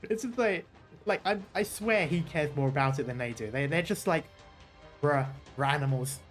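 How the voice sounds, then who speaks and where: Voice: medium pitch, expressive, fairly quick, faint music behind. A game streamer chatting casually through a playthrough, rambling and correcting themself, swearing now and then. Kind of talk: casual let's-play commentary.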